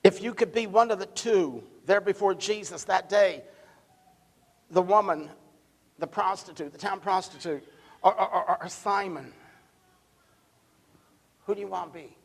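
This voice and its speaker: A male pastor delivers a sermon in a church sanctuary. His voice sits high for a man, and he leans hard on key words before dropping to a near-hush. He often repeats a word as he builds toward his point. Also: normal speed, creaky, long pauses, in a large hall. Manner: emphatic, swings between loud and hushed.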